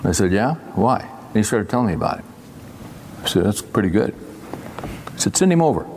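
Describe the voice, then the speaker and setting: A man's voice: fairly low pitch, moderate pace, darkish tone, slight background noise. An older man preaching a sermon in a folksy, conversational way, acting out bits of dialogue. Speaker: pastor. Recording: long reverb of a large hall.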